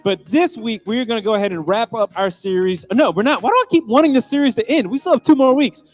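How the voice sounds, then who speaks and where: A man's voice: very high-pitched, quick pace, faint music behind, poor audio. A man hosting an online youth church service, playful and upbeat, leading a group Bible reading. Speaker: youth pastor host. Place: church stage.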